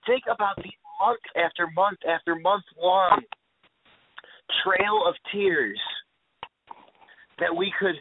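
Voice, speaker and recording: A man's voice: high-pitched, fairly even intonation, slow pace, long pauses, dry recording. A man co-hosting a radio talk show, joking with a dry, sarcastic edge. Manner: wry, sarcastic jokes. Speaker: radio co-host. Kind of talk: casual radio banter. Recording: phone-like radio audio.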